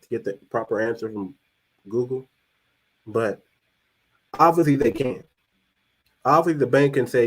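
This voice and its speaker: A man's voice: medium pitch, rough recording. A man hosting a live-streamed talk show, thinking aloud as he searches online and talks to his viewers. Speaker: podcast host.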